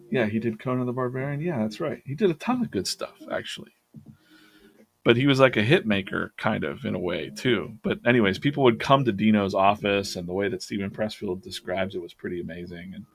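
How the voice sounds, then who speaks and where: This low-voiced man is an artist hosting a live drawing stream, chatting casually while he draws. He rambles through a story with many fillers, restarts and self-corrections.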